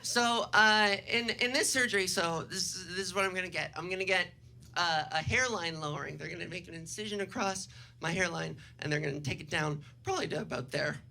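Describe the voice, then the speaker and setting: A young trans woman doing improvised stand-up comedy, brash, profane and self-mocking, jumping into loud silly voices. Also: fairly low pitch, a little fast, vocal fry, slight background noise. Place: stage before a live audience.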